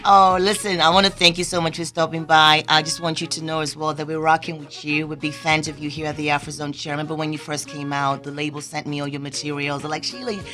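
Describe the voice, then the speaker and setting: A woman hosting an interview show, speaking in a warm, encouraging, preacher-like way. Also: low-pitched, flat delivery, fast, hardly any pauses, soft background music. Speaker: host. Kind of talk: casual interview chat.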